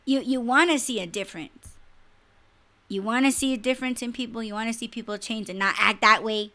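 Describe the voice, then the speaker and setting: A young adult woman co-hosting a podcast livestream, ranting bluntly and profanely in a casual, animated way. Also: fairly high pitch. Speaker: podcast co-host.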